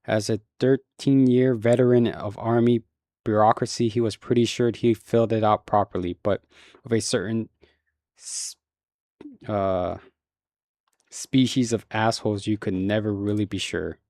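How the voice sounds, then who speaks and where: A man with a low voice reads a horror novel aloud in a relaxed, unpolished manner, now and then stumbling and correcting himself. The sound is close and dry, with no room around it. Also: measured pace, dry recording. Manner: casual, relaxed reading with occasional slips. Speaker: audiobook reader.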